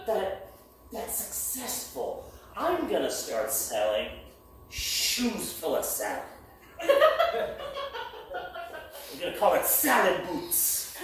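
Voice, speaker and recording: A trans woman doing stand-up comedy storytelling, chatty and self-mocking, laughing at her own jokes, heard live in a small venue. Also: fairly low pitch. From United States. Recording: echoey room, distant mic, background noise.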